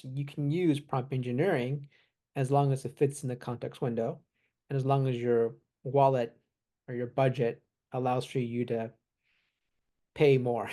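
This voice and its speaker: A man in casual chat, relaxed, explaining technical points with examples and small laughs. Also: medium pitch. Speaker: AI expert guest.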